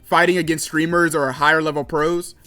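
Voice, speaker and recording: High-voiced young man giving gaming commentary. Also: little pitch movement, fairly quick, sharp tone. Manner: casual, with frequent fillers like "like" and "kinda". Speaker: gaming content creator. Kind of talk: commentary video essay.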